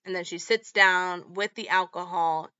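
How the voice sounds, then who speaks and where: A woman's voice: on the low side, fairly even intonation, unhurried, bright, forceful tone, clear, resonant tone, no echo, highs cut off. A woman hosting a podcast, recapping a horror film in a casual, chatty way full of "like" and "um". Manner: chatty, lots of "like" and "um". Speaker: podcast host.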